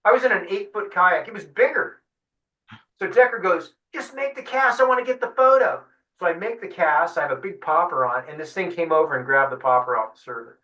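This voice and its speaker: A man tells a fishing adventure as a guest, lively and fond of playing out each voice. His tone is bright and forceful. He sits back from the mic in an echoey room. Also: fairly high pitch, brisk. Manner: animated storyteller acting out voices. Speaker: guest fly-fishing guide. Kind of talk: storytelling in an interview. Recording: roomy sound, mic at a distance.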